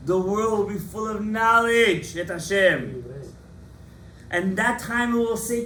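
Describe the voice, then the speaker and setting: A man, a rabbi, giving a lively Torah class to students in a study hall, animated and impassioned, calling on his students by name. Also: high-pitched, takes it slowly, slight background noise.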